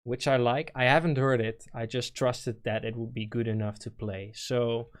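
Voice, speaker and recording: Hosting a stream, a Dutch-accented man casually reviews music demos, offering technical feedback, thinking out loud with fillers and explaining the technical details. His voice is medium in pitch, steady, clear and resonant, at a moderate pace.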